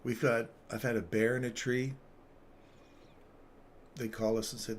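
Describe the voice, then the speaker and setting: A man's voice: medium pitch, level tone, a little slow, pauses often, slight background noise. A man telling a rambling story on a live trading stream, chuckling between phrases.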